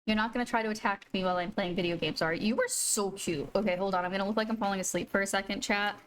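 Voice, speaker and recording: A woman's voice: medium pitch, fairly even intonation, very fast, a bit bright, a little hiss or hum. Bubbly woman streamer gushing over pets. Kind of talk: casual live-stream chat. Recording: faint music behind.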